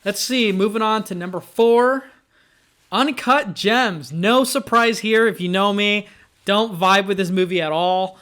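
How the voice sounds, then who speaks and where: A man's voice: high-pitched, unhurried, a bit bright. A young man casually reviewing films, rambling with lots of fillers and restarts. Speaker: film reviewer. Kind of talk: casual movie review vlog.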